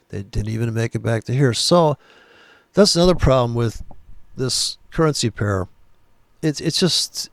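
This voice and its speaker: Gravelly, blunt man talking charts. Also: mid-range voice, no echo. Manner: profane, blunt, rambling with sarcastic asides. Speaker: trading educator. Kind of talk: casual screen-share chart commentary.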